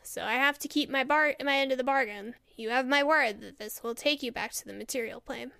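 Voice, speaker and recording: A woman's voice: high voice, a little fast, vocal fry, bright, forceful tone, no echo, clean studio sound, full character voice. A woman voicing a stern, weary male spirit guide in a tabletop game, curt and commanding. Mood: formal.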